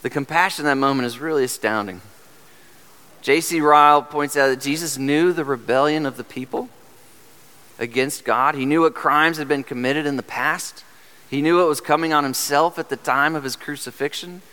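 A pastor delivers his sermon with earnest conviction, pressing his listeners with rhetorical questions. His voice sits a little higher than most men's. The long reverb of a church sanctuary trails after each phrase. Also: moderate pace, bright, forceful tone, smooth.

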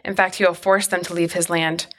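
Solemn commanding divine voice, low and even, all firm declarations, read by a woman. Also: fairly quick, close to an everyday voice.

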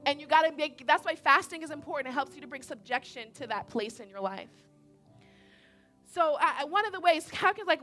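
Young woman preacher, high bright voice, chatty and animated, keeps asking the crowd questions. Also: fairly quick, soft background music. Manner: animated, conversational, repeats points, asks audience questions. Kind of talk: sermon.

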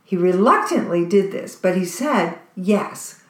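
A woman's voice: medium pitch, expressive, a little slow. A woman preaching a sermon in a conversational, earnest way. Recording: roomy echo.

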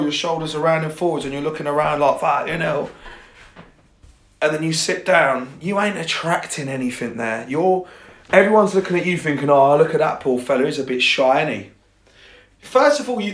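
A young fitness and confidence coach talks casually and bluntly on a podcast in a slightly high, fairly bright male voice. He swears and jokes at his own lines, recorded in an echoey room.

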